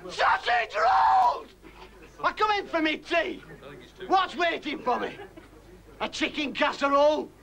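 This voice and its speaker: A man doing a stand-up comedy rant, shouting and exasperated, with an audience laughing faintly behind him. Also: extremely high pitch, lively intonation, moderate pace, vocal fry. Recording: faint studio audience crowd.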